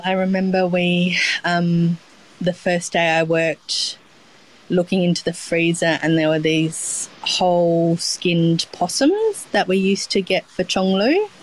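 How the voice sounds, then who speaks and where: A woman's voice: fairly low pitch, rough recording. A middle-aged Australian woman, a chef being interviewed, talking in a rambling, casual way with many ums and restarts. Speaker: chef, guest.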